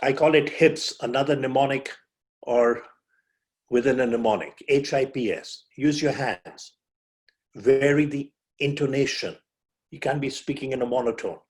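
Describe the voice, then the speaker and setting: A man speaking as a physician educator, giving a motivational talk on public speaking with deliberate pauses and stressed words. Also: mid-range voice.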